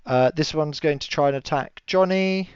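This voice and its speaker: Man, game master, chatty, laughs a lot, smooth voice, muffled low-fi recording. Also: normal speed, dry recording. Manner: chatty, laughs often, many fillers. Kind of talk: narrating a tabletop game. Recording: dull lo-fi audio.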